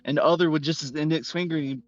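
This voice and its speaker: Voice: medium pitch, steady tone, very fast, dry recording, faint music behind. Tabletop player, laughs a lot, muffled lo-fi mic, dry sound. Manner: laughing, loose narration. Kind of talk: tabletop game chat.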